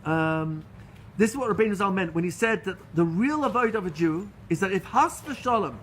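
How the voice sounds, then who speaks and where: A middle-aged rabbi giving a Torah lecture, telling stories in an earnest, animated way with frequent restarts. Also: male voice, high-pitched, brisk, a little hiss or hum. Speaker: rabbi teaching a class.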